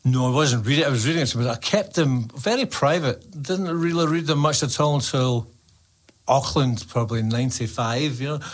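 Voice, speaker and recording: A man's voice: medium pitch, fairly quick. A man with a Glaswegian accent, a poet chatting in an interview and reading his verse, joking and using Scots dialect words. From Scotland. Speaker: poet and guest. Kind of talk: casual chat and poetry reading.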